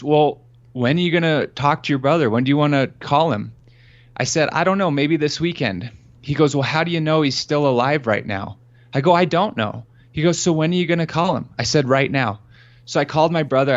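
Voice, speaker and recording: A man's voice: mid-range voice, muffled recording. A man as a podcast guest, earnestly telling a personal story and acting out the dialogue. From Colorado. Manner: earnest, animated storyteller who acts out quoted dialogue. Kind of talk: storytelling in an interview.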